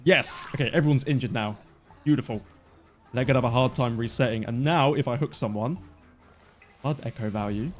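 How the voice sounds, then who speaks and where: A man in his twenties giving live, excitable commentary on his own gameplay as a streamer. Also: mid-range voice, brisk, long pauses. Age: 20s. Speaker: gaming streamer.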